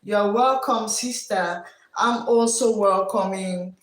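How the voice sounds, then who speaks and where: A woman's voice: on the high side, animated, unhurried, distant mic. A woman teacher hosting a live stream with a West African English accent, who greets her viewers by name, repeats her words and encourages them with preachy advice. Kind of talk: casual live-stream talk. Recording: echoey room, voice from off mic.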